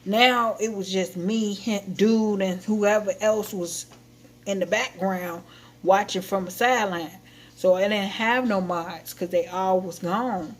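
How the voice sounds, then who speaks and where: Woman livestreamer, mid-pitched voice, loose animated storytelling, casual chat. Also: unhurried. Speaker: livestream host.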